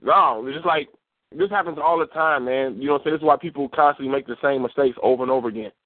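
Brief: quick, slightly high man, profane storyteller, dry tinny phone-like audio. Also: no room sound. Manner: profane, animated, acts out quoted voices. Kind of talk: casual chat, storytelling.

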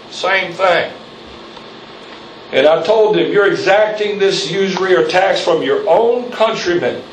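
A man preaches a fiery sermon from the pulpit, his fairly high voice climbing as he presses his points and calls for amens. The sound is roomy and distant, with faint hiss behind it. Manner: preaching with rising intensity, calls for amen. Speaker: pastor. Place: church sanctuary. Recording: echoey church, mic from afar.

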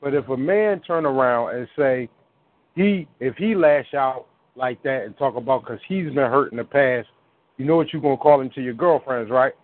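A man's voice: mid-range voice, normal speed, no echo. A man co-hosting a radio talk show in casual chat, emphatic and repeating himself. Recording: phone-like narrow band.

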